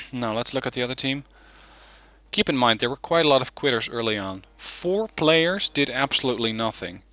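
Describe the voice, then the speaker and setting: A man talks through a strategy game replay in a loose, conversational way, pausing on ums as he thinks. His voice has a bright, forward edge. The recording is dry and close, with no room sound. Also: mid-range voice, dry recording. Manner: relaxed, chatty, many ums. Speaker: gaming channel host. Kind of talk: casual replay commentary.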